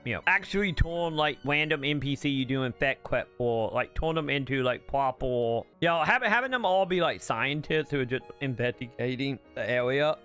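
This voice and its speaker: A man's voice: medium pitch, expressive, moderate pace, hardly any pauses, a bit bright, clear, resonant tone. Male gaming vlogger, casual rambling rant, blunt, faint music underneath. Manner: rambling, full of filler words and restarts; blunt, swears when exasperated. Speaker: gaming channel host. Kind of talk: casual rant about a game's story.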